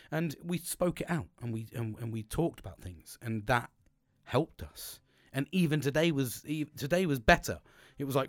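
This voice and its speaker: A man's voice: a little high, animated, normal speed, no echo, clean studio sound. A middle-aged man hosting a podcast, talking candidly and bluntly about coping, swearing freely and often restarting his sentences. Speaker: podcast host. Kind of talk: candid self-help monologue.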